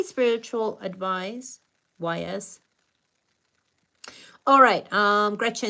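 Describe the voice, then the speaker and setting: Slow, creaky, and full of pauses, this woman's mid-range voice sounds pushed and bright. She's a middle-aged American with a Hispanic Latin accent, welcoming live stream viewers by name while giving sincere, thoughtful spiritual guidance.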